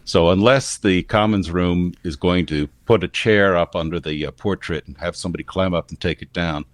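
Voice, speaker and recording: A man with a standard American accent, explaining his views in a casual discussion in a measured way. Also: sits low, no echo. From United States. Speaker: commentator.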